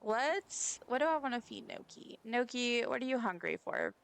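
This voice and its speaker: A woman's voice: fairly high pitch, huge pitch swings, moderate pace, creaky, clean tone. A woman streamer chatting casually while playing a game, giggling and talking to the characters on screen. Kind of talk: casual gameplay chat.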